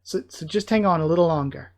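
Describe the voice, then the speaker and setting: A desperate young man, read aloud by a man, urgent and pleading, with a slightly high voice. He sounds like a manga character being read out. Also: fast talker, darkish tone, close to an everyday voice.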